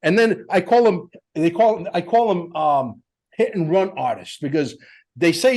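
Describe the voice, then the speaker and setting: A man hosting a casual podcast, talking in a lively, emphatic and blunt way. His voice sits fairly high for a man, and he tells his stories with energy. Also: a little slow. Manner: animated storyteller, emphatic and blunt. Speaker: podcast host.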